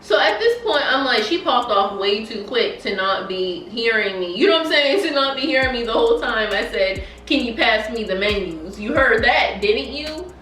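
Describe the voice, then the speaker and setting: A young woman tells a story with lively, slangy emphasis, her voice a touch high. She sounds a bit distant from the mic in an echoey room, with faint music behind her. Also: moderate pace, hardly any pauses. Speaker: vlogger. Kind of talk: storytime vlog while eating.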